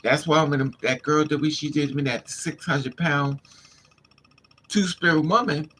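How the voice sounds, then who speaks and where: A man's voice: fairly high pitch, measured pace, fairly bright tone, slight background noise. A man livestreaming, telling a candid personal story in an emphatic, casual way and calling his listeners honey and child. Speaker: livestream host.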